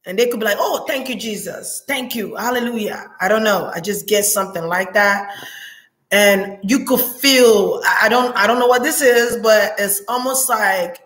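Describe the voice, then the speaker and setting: A woman giving an intuitive reading, musing aloud in a halting way and often pausing to search for words. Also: mid-range voice, fairly bright tone, reverberant. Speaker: psychic reader.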